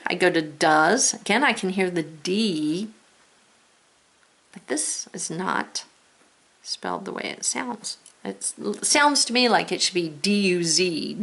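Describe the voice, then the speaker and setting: A woman's voice: medium pitch, vocal fry, a bit bright. A woman teacher giving a patient spelling lesson to young children, sounding words out and reading along with them. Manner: slow, patient, reads along with pupils.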